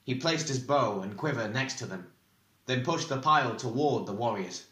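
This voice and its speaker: A man narrating a fantasy audiobook chapter in a measured, even reading. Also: mid-range voice, roomy sound.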